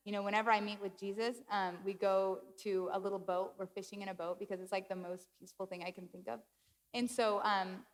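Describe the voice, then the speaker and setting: A young adult woman preaching a sermon, telling a personal story in an emotional, conversational way. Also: mid-range voice. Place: church hall. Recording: long hall reverb.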